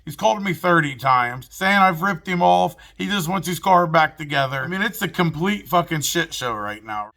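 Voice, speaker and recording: Gravelly, bright-voiced man telling a story. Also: fairly high pitch, normal speed, hardly any pauses. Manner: animated, profane, self-mocking. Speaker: mobile mechanic telling his own story. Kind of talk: casual storytelling to camera.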